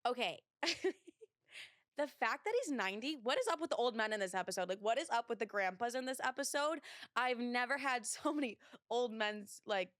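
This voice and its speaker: A woman's voice: a little high, animated, moderate pace, fairly bright tone, no room sound, clean studio sound. A young woman hosting a casual advice podcast, blunt and swearing freely, with many filler words. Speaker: podcast host.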